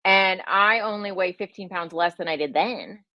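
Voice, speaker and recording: A woman's voice: mid-range voice, moderate pace, no echo, dull audio. A middle-aged woman, a health and wellness coach, chatting casually on a livestream with a slight Southern American twist, rambling and self-deprecating with many fillers. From United States.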